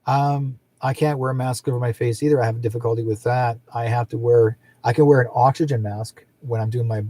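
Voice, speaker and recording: A middle-aged man rambles on casually as the host of a psychic livestream, his voice husky and dark. He drifts from story to story and laughs often. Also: mid-range voice, steady tone, a little fast. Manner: rambling, chatty, laughs often, acts out quoted people.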